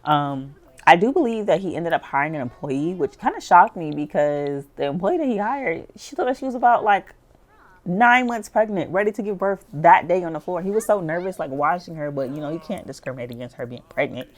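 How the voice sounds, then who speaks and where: Low-voiced woman telling a game story, super chatty, saying like a lot. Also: brisk. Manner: chatty and animated, says "like" often. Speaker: gameplay narrator. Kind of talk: casual storytelling over life-sim gameplay.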